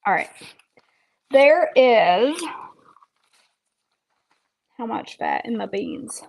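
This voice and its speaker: A woman's voice: medium pitch, fairly even intonation, normal speed, creaky, slightly rough, poor audio. A woman health coach chatting playfully while she eats on a casual livestream, with self-deprecating jokes. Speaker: health coach and vlog host.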